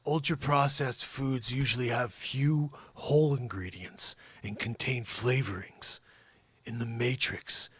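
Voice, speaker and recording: A man's voice: medium pitch, measured pace, a bit bright, breathy edge, no room sound. A man hosting a comedy news show, reading headlines and riffing with jokes. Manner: joking, riffing between news lines.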